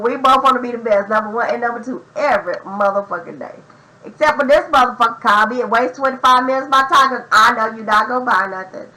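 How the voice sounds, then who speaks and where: A young adult woman telling a profane, slang-heavy story in an animated, casual storytime vlog. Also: fairly high pitch, low-quality recording. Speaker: vlogger.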